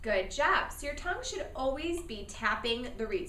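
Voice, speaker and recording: A woman teaching a beginner saxophone class in a bright, animated voice. She talks patiently and encouragingly, modeling each step and having students echo her. The sound is roomy and a little distant from the mic, with faint background noise. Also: a little high, moderate pace. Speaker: music teacher.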